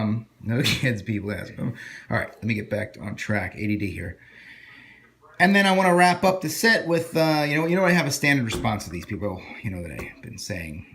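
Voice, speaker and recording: A man's voice: mid-range voice, vocal fry, a bit bright, slight background noise. A man talking casually into his phone as a vlogger and stand-up comic, rambling and self-deprecating with many restarts. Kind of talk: casual vlog talk.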